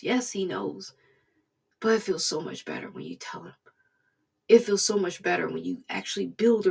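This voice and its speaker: A woman talks through a devotional in an earnest, preaching way. Her voice has a gravelly, slightly husky texture, and she often sinks to a near-whisper to drive a point home. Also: medium pitch. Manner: earnest, preaching, drops to a soft hush at times. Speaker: devotional speaker. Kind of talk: informal devotional talk.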